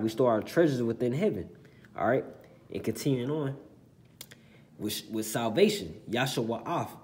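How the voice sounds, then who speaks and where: A man's voice: medium pitch, darkish tone. A man giving an informal Bible lesson who keeps checking in with "okay?" and "all right?" and often restarts his sentences. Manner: halting, with repeated restarts. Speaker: scripture teacher.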